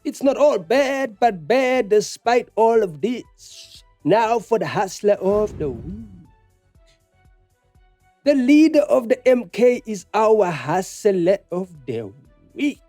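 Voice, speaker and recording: A man's voice: high voice, sing-song, slow, dark tone, soft background music, full character voice. A man playing a sassy woman economics reporter in a spoof news bulletin. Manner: sassy, cheeky newsreader tone. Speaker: comedy podcast host.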